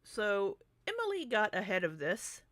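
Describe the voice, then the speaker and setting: A woman's voice: medium pitch, huge pitch swings, unhurried, a bit bright, dry recording. A young adult woman talking through drama in a casual, rambling vlog, full of ums and asides. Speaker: commentary YouTuber.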